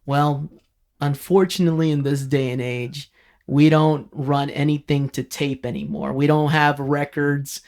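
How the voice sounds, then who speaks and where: A man appears as a guest on a casual podcast and explains technical terms in plain words. His voice sits somewhat high for a man. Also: steady tone, a little slow, a little mellow. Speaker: sound engineer guest.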